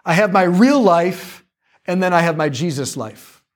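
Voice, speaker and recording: Man, lively faith talk, slightly higher voice, casual jokes. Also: unhurried. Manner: animated, conversational, jokey asides.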